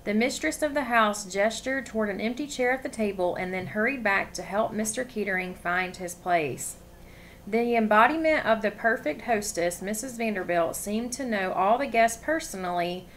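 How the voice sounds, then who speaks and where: A woman reading a novel aloud with expression, pausing to ask her listeners questions. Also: medium pitch, a bit bright, slight background noise. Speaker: story reader.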